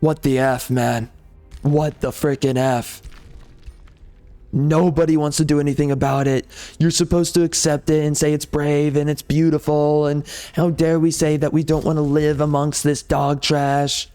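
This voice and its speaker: A man's voice: a little high, little pitch movement, normal speed, warm tone, soft background music. A man making a gaming video, giving heated, repetitive, exasperated commentary over gameplay.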